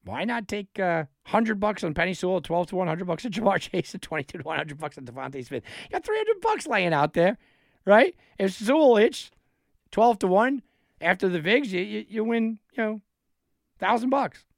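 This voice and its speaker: A man hosting a sports betting talk, animated and thinking aloud, often restarting his sentences. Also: high-pitched, moderate pace, vocal fry, dry recording, clean studio sound. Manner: animated, talks himself through picks with restarts. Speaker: sports betting show host.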